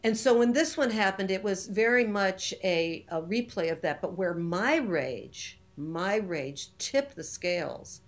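A woman's voice: medium pitch, animated, a little slow, hardly any pauses. A woman in her fifties talking in a casual chat, impassioned and indignant, pressing her points with emphasis.

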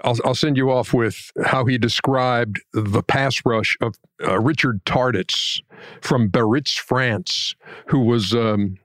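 A man's voice: mid-range voice, takes it slowly, fairly bright tone, dry recording, studio quality. A man co-hosting a casual chat, easygoing and self-deprecating. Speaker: co-host.

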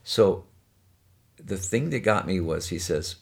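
An older man from Detroit telling lively, punchline-driven stories as a guest in a conversation. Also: low-pitched, slow pace, vocal fry. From Detroit, USA. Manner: animated, punchline-driven storytelling. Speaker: guest storyteller. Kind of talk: anecdotal storytelling in conversation.

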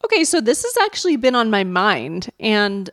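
A woman's voice: mid-range voice, very animated, moderate pace, a bit bright, dry recording, studio quality. Chatty woman co-host giving frank advice. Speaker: podcast co-host. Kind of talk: casual chat.

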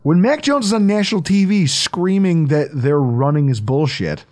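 A man's voice: fairly high pitch, very animated, a little slow, few pauses, darkish tone. A man hosting a casual sports podcast, joking, riffing and laughing as he talks. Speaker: podcast host.

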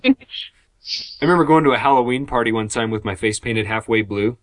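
A man's voice: medium pitch, a little fast. A man hosting a casual gaming podcast, joking and poking fun at himself. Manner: self-deprecating, joking. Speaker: podcast host.

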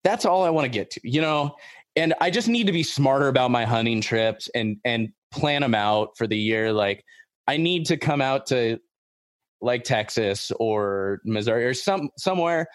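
A man hosting a podcast in casual chat, talking in an excitable, rambling way and repeating himself. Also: mid-range voice, moderate pace, no echo, clean studio sound. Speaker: podcast host.

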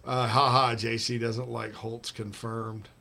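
A man's voice: medium pitch, level tone, a little slow, vocal fry, sharp tone. A middle-aged man hosting a casual sports talk show, rambling and reading out listener messages. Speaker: sports radio host.

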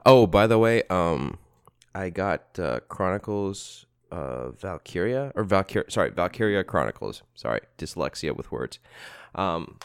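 Deep creaky podcast co-host man. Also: very animated, measured pace, dry recording, clean studio sound. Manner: rambling, laughs along, loose with word order. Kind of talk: casual chat.

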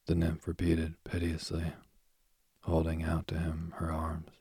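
A man reading a myth aloud as a soothing bedtime story, slowly and softly, drifting into whispers. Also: a bass voice, monotone, slightly rough, no room sound, clean studio sound. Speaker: sleep story reader.

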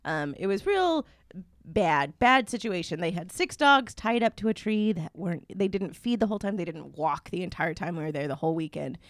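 A young adult woman co-hosting a podcast rambles through a long anecdote in casual chat, full of fillers. Her voice is fairly low and animated, at normal speed, with studio-quality sound and no echo.

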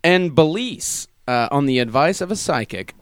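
A man's voice: fairly high pitch, expressive, moderate pace, smooth. Man steering a comedy chat. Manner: leads topics, asks pointed questions. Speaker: podcast co-host.

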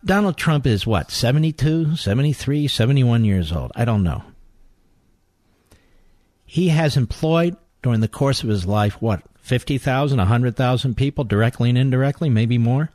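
A man hosting a talk radio show, delivering a combative monologue full of sarcastic insults, growing loud and heated. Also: medium pitch, expressive, normal speed, no echo. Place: radio studio. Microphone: studio microphone.

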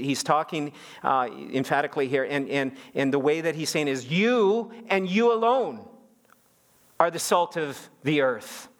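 Animated pastor, man. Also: mid-range voice. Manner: animated, repeats words, rises to emphatic peaks. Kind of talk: sermon.

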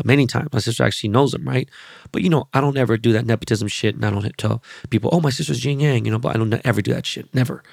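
A man's voice: lowish voice, vocal fry, dry recording, studio quality. A man hosting a podcast, telling rambling, profanity-laced stories in a loose, casual monologue. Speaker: podcast host.

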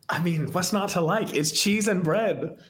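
A musician being interviewed on a podcast, a man talking in a laid-back, rambling way and laughing easily. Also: high-pitched. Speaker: musician guest. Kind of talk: casual podcast chat. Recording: roomy echoey sound.

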